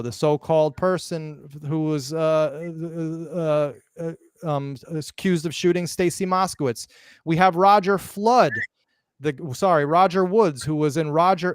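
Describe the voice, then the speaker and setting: A man hosting a live podcast, talking excitedly and emphatically, often restarting words mid-sentence. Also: on the high side, clear, resonant tone, no room sound, clean studio sound. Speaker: podcast host.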